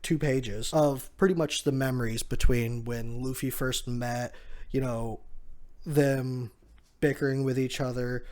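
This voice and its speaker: A man's voice: medium pitch, warm tone. A man giving a casual, chatty recap of a comic chapter, with frequent fillers and restarts and an amused tone. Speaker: manga chapter reviewer.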